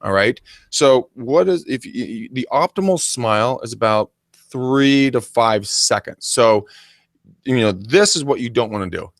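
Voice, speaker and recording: A man co-hosting a casual coaching chat, animated and acting out silly greetings as he talks. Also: medium pitch, a little slow, no room sound, studio quality. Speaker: podcast co-host.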